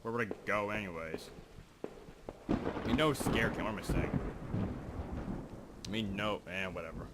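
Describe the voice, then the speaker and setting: A man's voice: fairly low pitch, moderate pace, pauses often, heavy background noise. A young man giving casual, rambling commentary while playing a video game, reading game text aloud and joking at himself. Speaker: gaming video host. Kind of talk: casual let's play commentary. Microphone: desk microphone.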